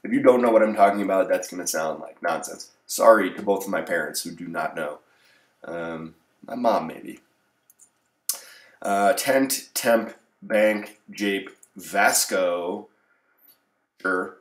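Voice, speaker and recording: A man's voice: on the low side, echoey room. A man hosting a casual crossword live-solve, reading answers aloud with wry, offhand, sarcastic asides. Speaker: crossword channel host.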